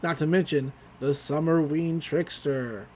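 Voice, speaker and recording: A man's voice: on the high side, measured pace, a little mellow. A man quoting a goofy, earnest grown man who warns children about a legend. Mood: warning.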